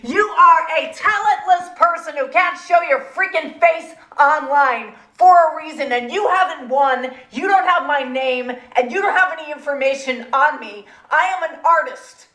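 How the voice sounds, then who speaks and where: A woman's voice: high-pitched, moderate pace, hardly any pauses, bright, forceful tone. A woman delivering an angry, accusatory rant, repeating her insults in a combative way. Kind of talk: angry rant in a video clip. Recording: echoey room.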